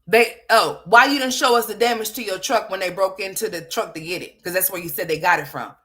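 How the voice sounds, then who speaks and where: A woman's voice: on the low side, normal speed, pushed and bright. Woman commentator ranting her opinions, blunt, profane, hammering questions. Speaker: online commentator.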